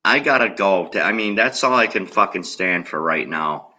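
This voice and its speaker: An agitated man venting to his viewers in a profane, heated rant. His voice is low-set but very sharp and tense, cutting through every line. He talks straight at the audience and swears constantly. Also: expressive, moderate pace, low-quality recording. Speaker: political video blogger. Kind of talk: angry rant to camera.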